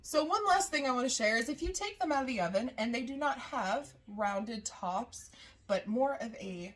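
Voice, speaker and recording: A woman's voice: fairly high pitch, expressive, moderate pace, fairly bright tone, soft background music. A woman casually talking through a recipe in her kitchen, chatty and rambling. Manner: chatty, rambling, lots of "uh" and laughs. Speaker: baking vlogger. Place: home kitchen.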